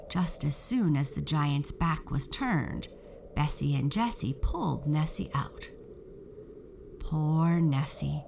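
A woman with a low voice reads a children's storybook aloud, slowly and expressively. A faint hiss sits under the recording. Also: animated, gravelly, a little mellow.

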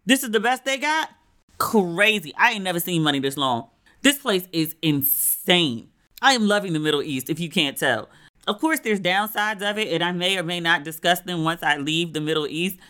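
An American voice in a casual solo travel talk, lively and candid, with a bright, forceful tone. The sound is smooth and crisp, with the occasional curse word and quick acted-out asides. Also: mid-range voice. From United States. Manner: animated and candid, swears freely, acts out what people said.

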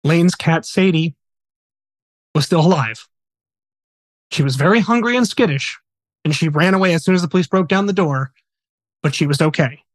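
Higher-voiced man telling a true story. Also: moderate pace, pauses often, no room sound. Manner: earnest, conversational storytelling. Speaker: podcast host. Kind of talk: casual true-story retelling.

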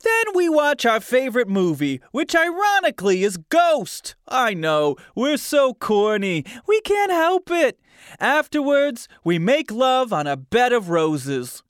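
Man hamming up a smitten, corny Jersey guy, high-pitched and lilting, nervous edge. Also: big pitch swings, slow pace, a bit bright, clean tone, dry recording, studio quality, full character voice. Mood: sappy. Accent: New Jersey.

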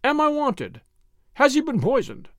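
A man's voice: high voice, very animated, a little fast, darkish tone, dry recording, studio quality, heavily acted. A man reading the part of a grim, watchful doctor who speaks urgently. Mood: alarmed.

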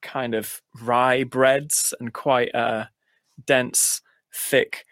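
A man's voice: medium pitch, little pitch movement, extremely slow, fairly bright tone, no echo. A man with an English accent, a guest in a casual interview, talking in a dry, rambling way with many restarts. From United States. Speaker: musician guest.

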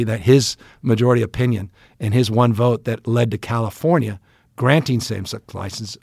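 A middle-aged man with a gravelly, rough edge to his voice tells a long, emphatic story as a podcast guest. He circles back, restarts his sentences and leans on fillers. The sound is close and dry, with no room around it. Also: mid-range voice, no room sound. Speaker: politician guest.

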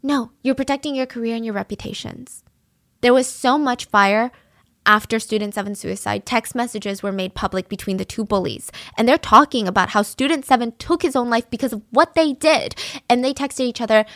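A woman's voice: fairly high pitch, a little fast, no echo, clean studio sound. Indignant woman telling a true-crime story. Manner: indignant, animated retelling with fillers.

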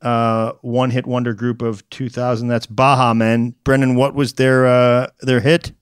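A man's voice: mid-range voice, flat delivery, normal speed, clear, resonant tone, dry recording, clean studio sound. A man co-hosting a podcast, chatting casually with wry jokes and frequent fillers. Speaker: podcast co-host. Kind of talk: casual comedic banter.

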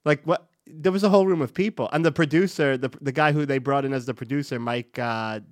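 A man's voice: mid-range voice, quick pace, no echo, studio quality. A man co-hosting a comedy podcast, chatting casually, swearing and riffing in disbelief about a TV show. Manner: incredulous, profane, riffs on plot ideas. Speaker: podcast co-host.

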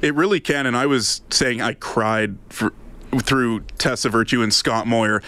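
A man's voice: mid-range voice, a little slow, pushed and bright, smooth. A man co-hosting a radio talk show, sharing personal stories in an open, earnest way. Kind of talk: casual on-air chat.

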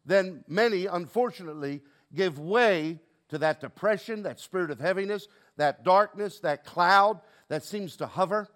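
High-voiced preacher, man. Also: fairly bright tone. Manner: rhetorical questions to the congregation, call and response. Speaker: pastor. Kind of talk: sermon.

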